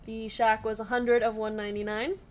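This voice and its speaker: A woman with a somewhat high voice hosts a live card break stream, chatting easily, giggling often between card calls, and reading out chat comments. Her delivery is flat and fairly quick, with faint music behind her.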